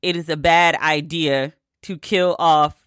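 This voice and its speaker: A woman's voice: low-pitched, fairly even intonation, a little slow, fairly bright tone, smooth, dry recording, studio quality. Exasperated, profane woman ranting. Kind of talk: opinionated casual rant.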